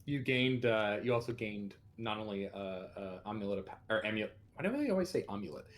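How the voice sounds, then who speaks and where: A man's voice: on the low side, animated, a little fast. A man co-hosting a game let's play, giving helpful tips and joking about his own slips. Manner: helpful, self-deprecating, lots of fillers. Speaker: co-host guiding the player. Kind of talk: casual gameplay commentary.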